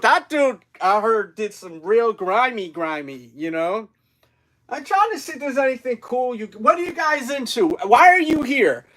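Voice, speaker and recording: A man's voice: high voice, fairly bright tone, rough recording. A man chatting casually and rambling with slang and swearing while livestreaming from home. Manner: loose, rambling, slangy and profane. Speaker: streamer reacting live. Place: home room.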